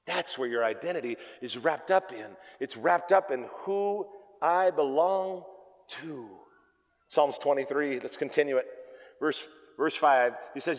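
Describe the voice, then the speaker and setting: A man preaching a sermon as pastor, telling jokey stories and swinging between loud and hushed delivery. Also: mid-range voice, normal speed. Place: church hall. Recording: long reverb of a church hall.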